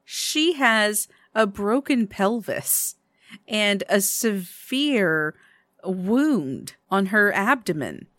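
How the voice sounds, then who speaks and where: A woman voicing a brisk young male hospital nurse who questions firmly. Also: medium pitch, expressive, a bit bright, no room sound. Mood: stern. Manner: firm, questioning.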